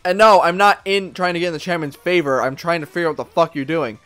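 A man giving casual gameplay commentary, excitable and profane, talking back at the characters on screen. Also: fairly high pitch, fast, clear, resonant tone, faint music behind. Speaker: let's play gamer.

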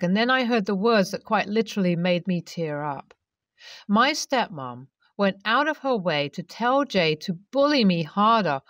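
Female narrator, first-person story read aloud, steady delivery, dry sound, slightly off-mic. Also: mid-range voice, no room sound, distant mic.

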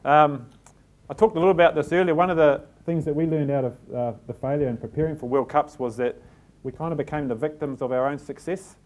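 A man's voice: a little high, fairly quick, darkish tone, dull audio. A middle-aged man with a New Zealand accent, giving a live talk to an audience and telling stories with self-deprecating humour. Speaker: team manager giving a talk. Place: packed function room.

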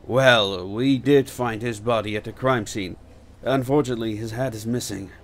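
A man doing a brisk police chief. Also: medium pitch, natural voice. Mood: reassuring. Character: gruff middle-aged male police chief, businesslike. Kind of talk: audiobook character voice.

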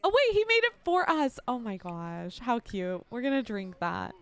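A young woman giving excited, gushing gameplay commentary, laughing often. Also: fairly high pitch, moderate pace. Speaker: let's play host.

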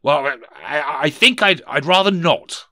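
A nervous, miserly man who speaks in a high, trembling, faltering voice as a man puts him on. His pitch jumps well above a normal speaking voice and swings about. The recording is dry and close. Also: lively intonation, measured pace, pushed and bright, dry recording, full character voice. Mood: fretful.

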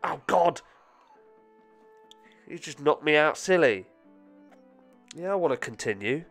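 Excitable man narrating a game. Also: a little high, takes it slowly, long pauses, faint music behind. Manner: excitable, swearing, laughing at himself. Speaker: gaming channel host. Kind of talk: let's-play commentary.

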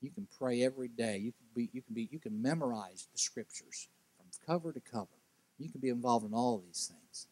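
A man preaching as a guest speaker at a church, telling a story with lively, animated delivery. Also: a little fast, no echo. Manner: animated storytelling, acts out characters' quotes with big pitch jumps. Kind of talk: sermon.

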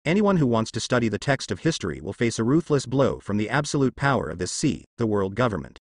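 A man narrating fan fiction as an audiobook in a steady storytelling manner. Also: medium pitch, quick pace, breathy edge, dry recording, clean studio sound.

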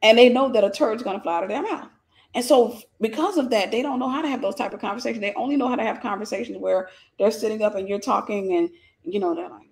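A woman's voice: on the high side, fast talker, a little mellow. A woman with a Southern accent giving a preachy, informal Christian lesson on relationships, emphatic and repetitive with folksy jokes.

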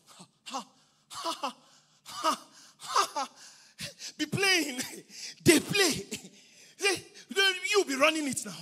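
A man preaching a sermon as pastor, exuberant, breaking into shouts and laughter. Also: very high voice.

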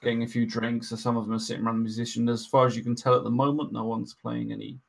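Dm guy, gravelly and kinda husky, lots of ums. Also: mid-range voice, level tone, racing. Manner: hesitant, filler-heavy. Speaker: dungeon master. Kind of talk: describing a tabletop game scene.

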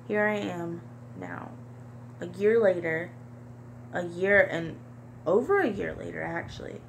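A young woman vlogger talking to camera in a halting, repetitive, soft-spoken confessional monologue. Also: lowish voice, expressive, vocal fry, slight background noise. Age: young adult.

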